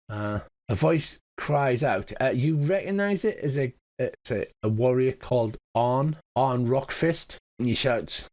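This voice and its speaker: A man's voice: mid-range voice, expressive, darkish tone. Male game master narrating. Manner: descriptive, halting, with fillers.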